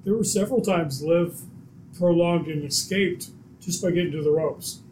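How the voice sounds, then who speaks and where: A man's voice: fairly high pitch, moderate pace, darkish tone, a little hiss or hum. A man co-hosting a casual wrestling podcast, adding dry interjections. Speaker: podcast co-host. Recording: echoey room mic.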